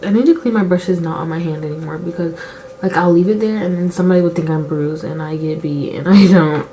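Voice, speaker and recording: A girl in her late teens, a beauty vlogger, chats a little fast in a warm voice on the low side while applying makeup. She's rambling, confessional, and full of "like" fillers, candid and emotional about her feelings; the audio is poor, with a bit of hiss or hum.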